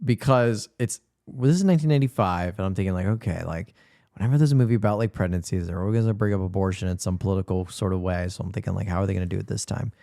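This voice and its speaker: A man co-hosting a casual movie podcast, chatty, talking in quick bursts. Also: low-pitched, mellow, dry recording, studio quality. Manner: chatty, quick bursts, laughs at his co-host. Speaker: podcast co-host. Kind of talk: casual movie review chat.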